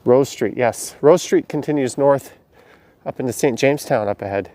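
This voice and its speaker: A man's voice: mid-range voice, normal speed, mellow. A man, walking city alleys at night on a live stream, chatting and answering viewers' questions as he goes. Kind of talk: casual live-stream narration reading chat.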